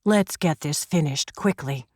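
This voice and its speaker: A woman voicing a middle-aged male police sergeant who gives brisk, authoritative orders in an audiobook. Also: low-pitched, a little mellow, dry recording, studio quality, pitched below the performer's own voice. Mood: commanding.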